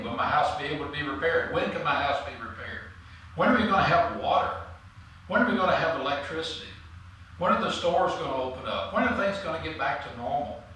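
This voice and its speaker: A man preaching a sermon, with a fairly high, bright and forceful voice. He talks earnestly and pushes hard on the key points. The room echoes heavily and the mic sits some way off. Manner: earnest, rising to emphatic for scripture and key points. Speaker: pastor. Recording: roomy echo, mic at a distance.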